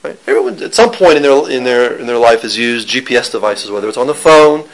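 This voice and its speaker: A man's voice: medium pitch, animated, fast, low-quality recording. A man giving an informal Torah lesson, talking conversationally with restarts and joking with listeners. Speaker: teacher giving a Torah class.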